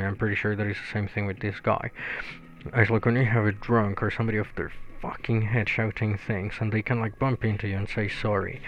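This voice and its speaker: A man's voice: lowish voice, fairly bright tone, muffled recording. A man whose first language is Spanish, telling a casual story full of fillers and swearing. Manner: rambling, profane, lots of fillers.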